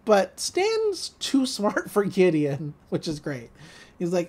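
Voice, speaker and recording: A woman co-hosting a podcast, casually recapping a cartoon episode, laughing often and slipping into quick voices for the quotes. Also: fairly low pitch. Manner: giggly, animated retelling with quick voices for quotes. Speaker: podcast co-host.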